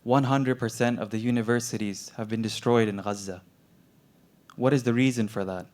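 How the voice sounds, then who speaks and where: A young man voicing a gentle, sorrowful male doctor from a war zone who asks quiet, probing questions. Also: mid-range voice, fairly even intonation, normal speed, lightly acted. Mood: gently probing.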